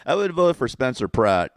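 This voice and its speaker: A Californian man with a low-ish, clean voice and a Californian accent delivers a casual political rant to camera. He's sarcastic, rambling and repetitive, laughing at his own jokes, in clean studio sound with no echo.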